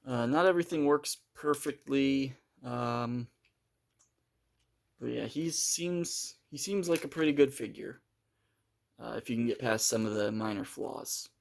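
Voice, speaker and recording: Gravelly-voiced man reviewing a toy. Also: medium pitch, measured pace. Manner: hesitant, many fillers and restarts while handling the toy. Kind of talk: casual unscripted review.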